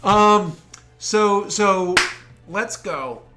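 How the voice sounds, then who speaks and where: A man from the United States running a tabletop game, chatting and joking with his players in a rambling, animated way. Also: high voice, very slow, over music. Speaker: game master.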